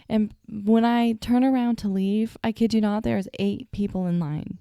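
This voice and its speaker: Young woman podcast host, sleepy, chatty and self-mocking, mellow gravelly tone, dry close sound. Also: mid-range voice, steady tone, moderate pace, hardly any pauses, no room sound. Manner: chatty, self-deprecating, stutters at times. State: sleepy, yawning. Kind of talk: casual solo storytelling.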